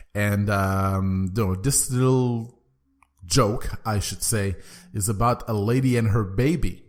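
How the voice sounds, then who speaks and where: A young man hosts his own book podcast, talking. His delivery is eager and animated, and he often stumbles and restarts his words. His voice sits at an ordinary middle pitch. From Quebec, Canada. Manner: enthusiastic, repeats and restarts words. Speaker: podcast host. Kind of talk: solo book podcast monologue.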